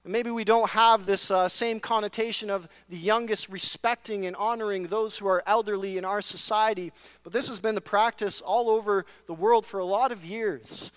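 A man's voice: high voice, fairly even intonation, normal speed, fairly bright tone, clean tone. A male pastor preaching a sermon, earnest, posing rhetorical questions to the congregation and reading scripture, with the odd dry sarcastic aside. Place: church sanctuary. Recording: long reverb of a large hall.

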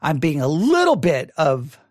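A man with a fairly high voice teaches a Bible study, reading old scripture aloud and then unpacking it in loose conversational speech. He often repeats or restarts his words as he thinks. The sound is dry and close, with no room around it. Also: wildly swooping pitch, a little slow, dry recording. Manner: mildly critical of typical sermons.

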